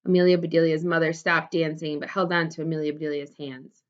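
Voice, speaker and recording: A woman teacher reading a storybook aloud to second graders with expressive storytelling. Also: deep voice, quick pace. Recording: dull lo-fi recording.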